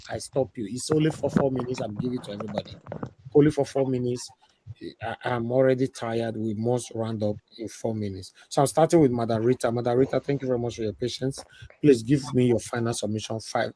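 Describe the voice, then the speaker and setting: A man with a Nigerian accent hosting a live online panel talk, animated and mixing in Pidgin banter as he urges his guests on. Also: mid-range voice. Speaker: show host.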